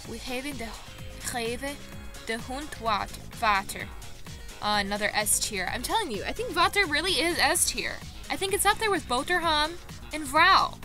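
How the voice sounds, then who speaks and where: A woman vlogging in a casual commentary style, excitable and self-mocking, reacting quickly as she plays. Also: high voice. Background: background music.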